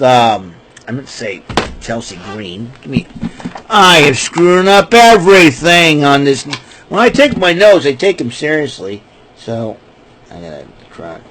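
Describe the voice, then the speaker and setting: A man with a somewhat high voice runs through a casual wrestling recap. He rambles and trips over names, and he breaks into laughter at his own jokes. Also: fairly bright tone. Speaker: podcast host.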